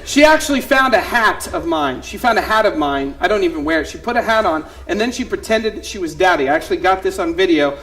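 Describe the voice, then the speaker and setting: A man performing a one-man comedy show on stage, telling animated stories and acting out voices of his family. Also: sits high, fast talker, hardly any pauses. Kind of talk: stand-up storytelling. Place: theater stage before a live audience.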